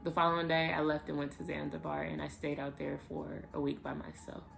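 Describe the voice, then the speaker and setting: A woman vlogger telling a personal story to the camera in a casual, animated way, with emphatic bursts. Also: low voice, brisk, gravelly, soft background music.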